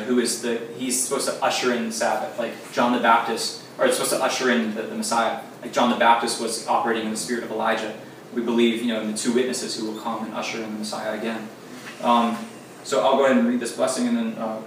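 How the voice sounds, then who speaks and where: A man teaching a small group in a relaxed, casual way, with frequent fillers as he explains. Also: medium pitch. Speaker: teacher leading a Sabbath demonstration. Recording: very echoey room, distant mic, faint noise.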